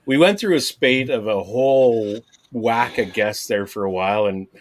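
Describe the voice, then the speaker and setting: A man co-hosting a podcast, animated and quick to swear in frustration. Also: on the low side, background noise. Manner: animated, profane, frustrated outbursts. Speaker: podcast co-host. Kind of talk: casual chat.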